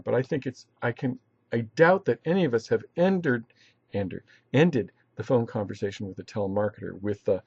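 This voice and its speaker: A man teaching a recorded lesson, halting and restarting often, in a dry, slightly dull recording. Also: medium pitch, a little mellow, breathy edge, dry recording. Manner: halting, many restarts and fillers. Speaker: instructor. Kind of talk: recorded online lecture.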